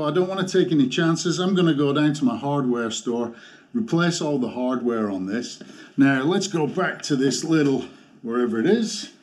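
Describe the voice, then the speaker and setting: A man talks through a motorcycle gear review. He rants with exasperation and stops to restart his sentences. His voice sits at an ordinary middle pitch. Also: darkish tone. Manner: exasperated ranting, halting restarts. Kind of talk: product review vlog.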